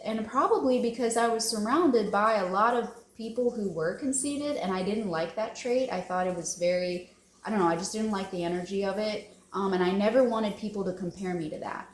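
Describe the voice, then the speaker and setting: Woman vlogger, heartfelt and rambling, echoey room. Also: medium pitch. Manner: emotional, rambling, laughs often. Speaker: wellness vlogger. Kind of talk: casual confessional vlog.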